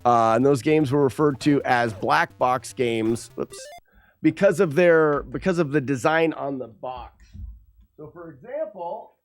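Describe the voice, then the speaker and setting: A man's voice: a little high, a little slow, faint music behind. Rambling male game streamer. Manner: rambling explanations with many fillers. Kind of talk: casual gameplay commentary.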